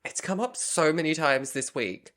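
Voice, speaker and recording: A man's voice: fairly high pitch, expressive, normal speed, fairly bright tone. Dry teasing man podcast host. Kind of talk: casual chat.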